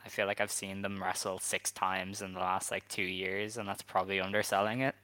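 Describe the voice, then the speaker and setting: A man's voice: low voice, level tone, bright, forceful tone, smooth, no room sound. A man co-hosting a podcast in casual chat, opinionated and full of "like" and "um" asides. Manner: opinionated, quick asides with frequent "like" and "um". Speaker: podcast co-host.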